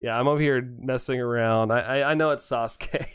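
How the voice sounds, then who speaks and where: A man's voice: mid-range voice, fairly even intonation, fairly quick, a bit bright, smooth, no echo. A man live-streaming a game, chatting casually, reading viewer messages aloud and chuckling often. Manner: laid-back, chuckles often, greets chatters by name.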